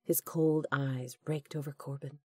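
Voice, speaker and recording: Low-voiced woman narrating an audiobook. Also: fairly even intonation, unhurried, breathy edge, dry recording. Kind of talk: scripted narration.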